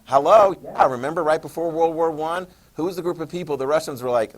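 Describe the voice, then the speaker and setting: A man's voice: a little high, moderate pace. A man teaching a history class, casual and joking, asking students questions. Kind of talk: classroom lecture.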